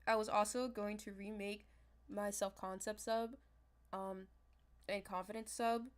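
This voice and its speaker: A young woman chatting casually on a livestream as a manifestation coach, talking straight to her viewers in a loose, animated way. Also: mid-range voice, measured pace. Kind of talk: casual livestream talk to chat.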